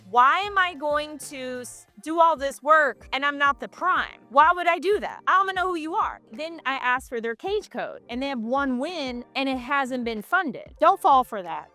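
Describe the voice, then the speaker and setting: A woman coaching on government contracting, talking straight to her viewers in a lively, direct way. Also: sits high. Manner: animated, direct, talks straight to the audience. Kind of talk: casual advice talk to camera. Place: Miami Beach.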